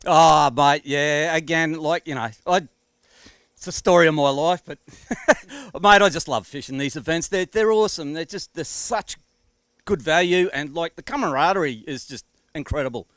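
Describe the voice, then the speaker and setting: An Australian angler speaking in a fairly high voice at an outdoor weigh-in. He is gushing and enthusiastic, with plenty of "mate". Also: moderate pace, a bit bright, no room sound, clean studio sound. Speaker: runner-up angler. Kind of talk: casual interview.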